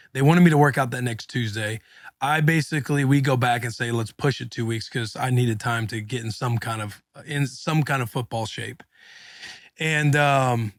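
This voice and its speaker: A former NFL linebacker in his thirties, co-hosting a podcast, shares a story in casual slang and acts out the quotes in a mid-range voice. The recording has no echo.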